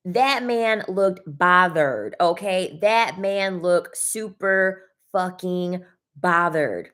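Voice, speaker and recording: A woman's voice: fairly low pitch, expressive, extremely slow, a bit bright. A young adult woman hosting a casual livestream, talking bluntly with swearing and repeating her points for emphasis. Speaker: livestream host reading chat.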